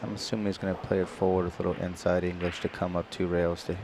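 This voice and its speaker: A deep-voiced man from Singapore talks through a nine-ball match in live commentary. He is relaxed and chatty, walking through each shot's options. A faint hiss sits under the recording. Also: fast. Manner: relaxed, chatty, explains shots in detail. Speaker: pool commentator.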